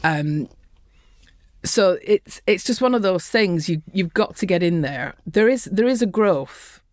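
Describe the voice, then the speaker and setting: A middle-aged woman with a softened Lancashire accent, talking bluntly and earthily as a guest in a casual interview. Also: lowish voice, animated, unhurried, no echo, studio quality. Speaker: podcast guest, construction safety professional.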